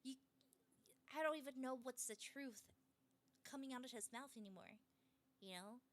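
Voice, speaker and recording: A woman streamer retelling a story in a casual, animated way, with many fillers. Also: high voice, normal speed.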